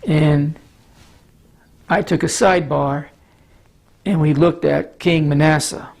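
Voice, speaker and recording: A pastor's sermon, taught with a map, comes in a measured style marked by frequent minor stumbles and throat-clearing. Allergies have left his slightly high voice scratchy, gravelly, and husky, and his tone is darkish with fairly even intonation.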